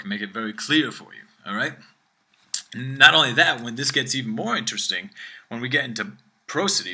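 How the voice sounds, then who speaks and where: A language teacher gives a video lesson, explaining at length and frequently checking in with "all right?" and "okay?". His mid-range voice sounds pushed and bright, and a phone can be heard ringing in the room behind him.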